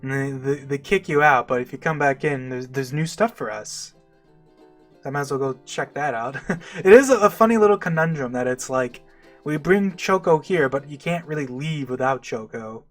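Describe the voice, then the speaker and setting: A young man giving relaxed, chuckling commentary while playing a game. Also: medium pitch, moderate pace, soft background music. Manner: relaxed, chuckling asides, reads dialogue aloud. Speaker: let's play host.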